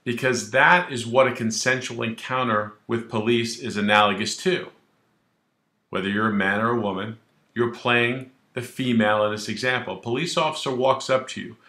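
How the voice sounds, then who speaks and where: A man who is a criminal defense attorney, explaining the law straight to camera in a brash, animated way and acting out little scenes. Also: medium pitch, moderate pace, reverberant. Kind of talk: direct-to-camera legal explainer.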